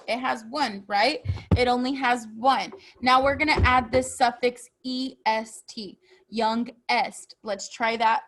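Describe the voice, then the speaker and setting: A woman teaching a children's phonics lesson, patiently asking questions and answering them herself. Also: sits high.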